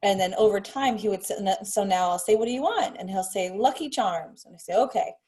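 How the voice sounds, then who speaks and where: A woman's voice: medium pitch, a little fast, mellow. A mother chatting casually on a video call, telling anecdotes about her son. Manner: chatty anecdotal, acts out her child's words. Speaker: parent. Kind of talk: casual chat.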